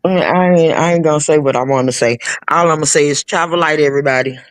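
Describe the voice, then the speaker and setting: A woman's voice: low voice, fast talker, dry recording. Blunt, cussing woman, dry sound. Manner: blunt, profane, restarts mid-thought. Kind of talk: casual live chat, opinionated.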